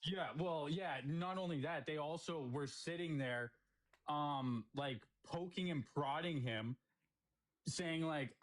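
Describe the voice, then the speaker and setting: A man with a notably high voice, angrily ranting and swearing as he hosts a heated livestream argument. He talks over others and cuts in with exasperated comebacks. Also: unhurried, low-quality recording. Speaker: livestream host.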